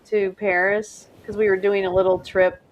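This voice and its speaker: A woman's voice: mid-range voice, little pitch movement, moderate pace, slight background noise, low-quality recording. A middle-aged woman hosting a casual live stream, rambling and chatty, often laughing and trying out French words. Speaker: livestream host.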